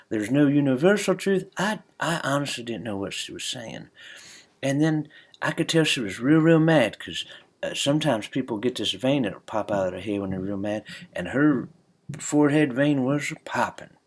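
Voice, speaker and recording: An older man, telling a comic story in a folksy, drawling way and laughing at his own jokes. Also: on the high side. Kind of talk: folksy comedic monologue.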